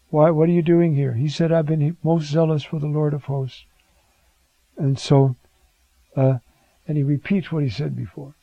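A man's voice: gravelly, warm tone, dry recording, lo-fi sound. An older man preaching a sermon on the prophets, acting out their words with dramatic swings of voice. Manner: dramatic, acts out biblical quotes with rising pitch.

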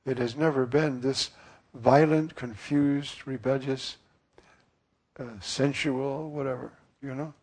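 A priest giving an earnest, musing sermon, often pausing with fillers. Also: male voice, mid-range voice, fairly even intonation, darkish tone.

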